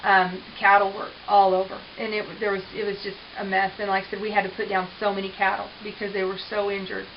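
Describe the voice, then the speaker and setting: A woman rancher in an interview, telling her story in an earnest, halting way with many restarts. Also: mid-range voice, monotone. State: tearful at times. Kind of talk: personal testimony interview. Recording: dull hissy recording.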